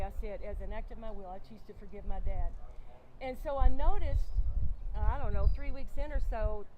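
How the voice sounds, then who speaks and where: A woman's voice: on the high side, highs cut off, noisy background. A woman guest sharing a personal faith testimony in conversation, earnest, often acting out her own past dialogue. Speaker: interview guest. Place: outdoors on a bench.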